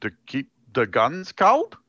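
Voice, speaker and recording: A man's voice: mid-range voice, huge pitch swings, takes it slowly, pushed and bright, dry recording, highs cut off. A man playing a tabletop character in a put-on South African accent, drawling and wheedling. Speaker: tabletop role-player. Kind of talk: in-character tabletop role-play.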